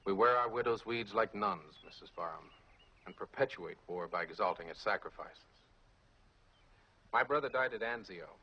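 An actor playing a cynical wartime officer who argues in a cutting, measured way, heard from an old film soundtrack. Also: male voice, lowish voice, husky, dull audio. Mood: bitter, earnest. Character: bitter, cynical wartime American officer, man. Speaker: film character. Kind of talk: 1960s film drama.

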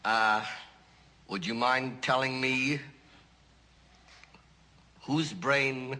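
An actor playing an excitable male mad scientist in a comic film, theatrical, swinging from hushed tones to shouts. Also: medium pitch, drawn-out words. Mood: probing.

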